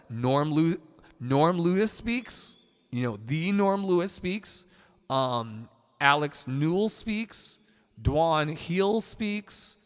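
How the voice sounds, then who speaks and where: A man's voice: medium pitch, fairly bright tone, big-room sound. A man hosting a casual livestream, chatting loosely with viewers and reading their comments aloud in a rambling, easygoing way. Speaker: livestream host.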